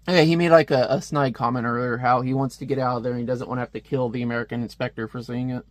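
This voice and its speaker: A man giving a casual, animated comic book review, ranting and laughing as he goes. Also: mid-range voice, quick pace, hardly any pauses, no room sound.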